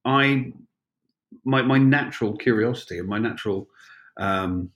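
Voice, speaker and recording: A man's voice: mid-range voice, unhurried, fairly bright tone. A man in his sixties, a former police officer telling wry, rambling stories with many fillers and restarts. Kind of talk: anecdotal storytelling.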